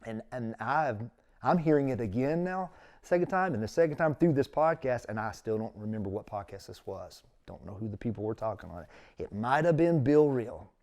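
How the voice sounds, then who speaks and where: A man's voice: medium pitch, brisk. Earnest man telling his story. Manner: earnest, emotional, animated retelling with quoted inner thoughts. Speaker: interview guest. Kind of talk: candid personal storytelling.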